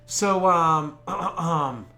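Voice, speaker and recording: A man from the United States running a tabletop game, chatting and joking with his players in a rambling, animated way. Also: a little high, very slow. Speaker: game master.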